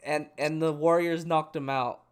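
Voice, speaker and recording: A man's voice: on the high side, fairly even intonation, normal speed, smooth. A young man co-hosting a casual sports chat, rambling and restarting his thoughts mid-sentence. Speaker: podcast co-host.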